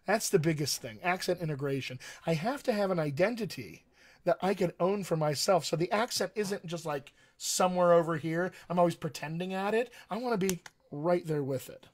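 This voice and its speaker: An American man coaches actors over a livestream, talking at a desk mic. He is earnest and emphatic and keeps coming back to his key phrases. His voice sits a little high for a man. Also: brisk. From United States. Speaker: dialect coach. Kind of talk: livestream teaching talk.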